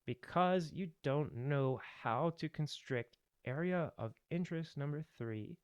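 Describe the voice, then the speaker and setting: A man's voice: a little high, unhurried, clear, resonant tone, dry recording. A man giving a voice tutorial, opinionated and emphatic, ranting at times. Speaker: voice teacher. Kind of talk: tutorial with rants.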